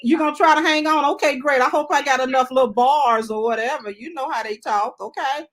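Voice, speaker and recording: A lively woman hosts a casual online chat, talking freely and tagging her points with "okay?". Her voice sits a little high. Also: a little fast. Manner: chatty, animated, repeats "okay?" often. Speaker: host.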